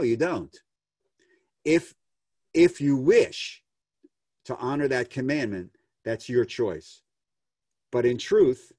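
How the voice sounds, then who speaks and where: A man's voice: mid-range voice, a little mellow, no room sound, clean studio sound. A man, a rabbi, answering questions over a video call in a folksy, storytelling way, acting out the people he quotes. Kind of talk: answering questions in an online session.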